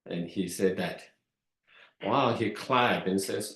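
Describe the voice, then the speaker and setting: A man whose first language is Tibetan gives a dharma talk at a very slow pace, stopping often with fillers and repeated words. His voice sits on the low side. The recording carries a roomy echo. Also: fairly bright tone. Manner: slow and halting, with frequent fillers and repetitions. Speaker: Buddhist teacher. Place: meditation hall. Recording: echoey room.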